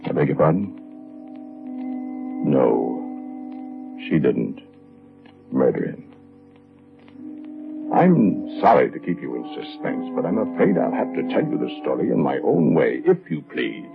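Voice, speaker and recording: A fussy, gravelly old-time storyteller. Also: male voice, extremely low pitch, big pitch swings, a little slow, pauses often, heavily acted. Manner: fussy, polite, chatty with the listener. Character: fussy, kindly middle-aged shopkeeper telling his story. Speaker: narrator and shop owner. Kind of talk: 1940s radio acting. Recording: tinny old radio broadcast with music.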